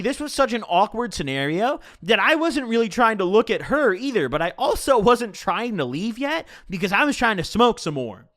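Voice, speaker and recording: A young man telling a casual, profane story in his own voice. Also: high-pitched. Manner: casual and profane, animated retelling.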